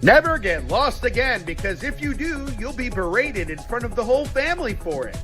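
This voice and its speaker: A man voicing an overdone announcer in a spoof commercial, with a drawn-out, salesy delivery. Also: very high voice, very animated, loud music behind the voice, pitched above the performer's own voice. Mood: pitching.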